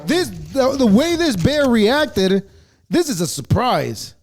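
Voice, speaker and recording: Animated, swearing male podcast host. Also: very high-pitched, takes it slowly, slight background noise. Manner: profane, sarcastic, animated ranting. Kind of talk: casual ranting commentary.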